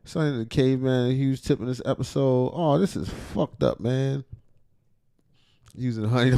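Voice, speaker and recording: A man giving casual, profane reaction commentary, with loud outbursts and frequent laughter. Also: medium pitch, moderate pace, gravelly, clear, resonant tone, no room sound, studio quality. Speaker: reaction streamer.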